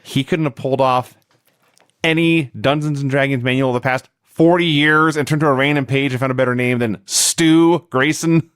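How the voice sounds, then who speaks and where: A man's voice: normal speed, smooth, no room sound, studio quality. A man co-hosting a podcast, giving a wry, laughing recap of a wrestling show in casual chat. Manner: wry, laughing recap with lively swings in pitch.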